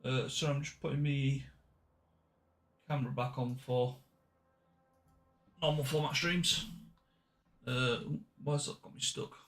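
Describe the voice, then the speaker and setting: A man's voice: mid-range voice, steady tone, takes it slowly, long pauses, a bit bright. A man giving casual game walkthrough commentary, chatty and often correcting himself mid-sentence. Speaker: gaming channel host.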